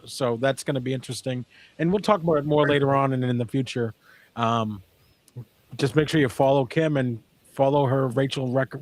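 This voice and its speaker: A man co-hosting a music podcast, hands out turns and teases his co-hosts in casual chat. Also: medium pitch. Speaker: podcast co-host.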